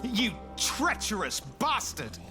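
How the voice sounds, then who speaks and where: An actor playing a proud, hot-headed young knight in a story-driven game, quick to anger. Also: male voice, fairly high pitch, sing-song. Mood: angry. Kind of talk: game voice acting. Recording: game audio with loud music.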